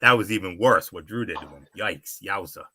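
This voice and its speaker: Bright-voiced male wrestling recap host. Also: fairly low pitch, quick pace, slightly rough, dry recording. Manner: chatty, with frequent fillers and restarts. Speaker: wrestling show co-host and analyst. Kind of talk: casual podcast recap.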